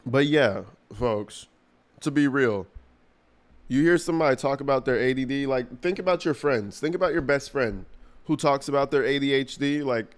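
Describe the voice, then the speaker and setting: A man's voice: medium pitch, normal speed. A man streaming and reacting to a clip, talking in a crude, mocking, rambling way with lots of slang. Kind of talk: casual livestream commentary.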